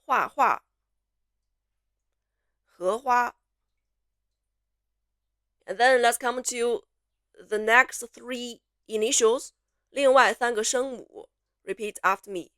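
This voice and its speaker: A woman teaching pronunciation, slowly repeating syllables and words for learners to copy, switching between English explanations and drills. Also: on the high side, bright, forceful tone, no room sound, studio quality. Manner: slow, clear repetition, drawn-out syllables for learners. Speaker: Mandarin teacher.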